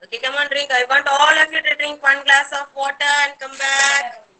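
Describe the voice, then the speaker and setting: A woman with an Indian English accent leading small children through an online class, giving slow, clear, encouraging instructions. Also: high voice, little pitch movement, bright, forceful tone, low-quality recording. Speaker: kindergarten teacher.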